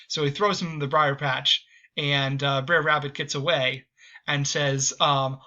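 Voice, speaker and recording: A man's voice: on the high side, fairly even intonation, normal speed, sharp tone, muffled recording. A man hosting a history video, giving a casual spoken lecture with many hesitant ums and restarts.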